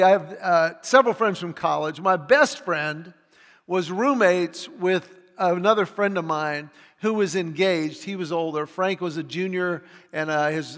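Man in his forties preaching, lively storytelling, raised pitch, ringing hall sound. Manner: animated storyteller, acts out quoted voices. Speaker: pastor. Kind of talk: sermon with storytelling. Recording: long hall reverb.

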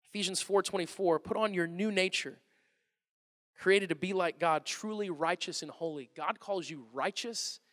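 A man in his thirties preaching a sermon as a pastor, animated and acting out quotes in different voices. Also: sits high, moderate pace. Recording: long reverb of a large hall.

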